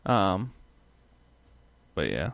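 A man's voice: low voice, big pitch swings, extremely slow, vocal fry, a bit bright, dry recording. A man co-hosting a podcast, chatting casually about tech news and often trailing off mid-thought. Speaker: podcast co-host.

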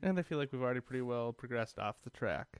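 A man's voice: medium pitch, animated, quick pace, clean tone, dry recording. A man co-hosting a tech podcast, rambling casually with dry jokes. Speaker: podcast co-host. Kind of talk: casual chat.

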